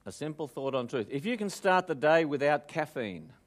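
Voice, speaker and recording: Lively Australian man telling jokes. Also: on the high side, normal speed. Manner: lively joke-telling, audience questions. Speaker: motivational speaker. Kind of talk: live motivational talk with jokes.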